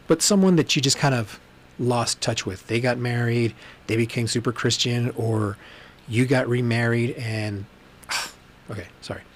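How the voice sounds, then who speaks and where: A man hosting a casual solo livestream podcast, telling rambling stories with plenty of ums and blunt profanity. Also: medium pitch. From Texas. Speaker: podcast host. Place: room at home with books behind him. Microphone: webcam livestream, on camera.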